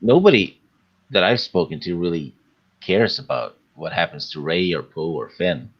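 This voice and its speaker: A man's voice: low voice, very animated, creaky, lo-fi sound. A man on a casual panel chat, speaking hesitantly and filling his talk with "uh". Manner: slow, hesitant, full of uhs.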